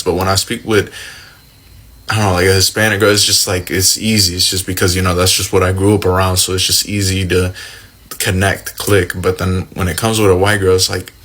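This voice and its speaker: A man's voice: sits low, fairly bright tone. A man talking casually to camera, puzzled and rambling. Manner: puzzled, rambling, many fillers.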